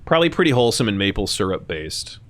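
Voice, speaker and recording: A young man with a fairly low voice hosts a live stream, chatting loosely and profanely. His delivery swings widely in pitch and often jumps into shrill mock voices. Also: very animated, fast talker, fairly bright tone. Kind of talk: casual chat answering chat.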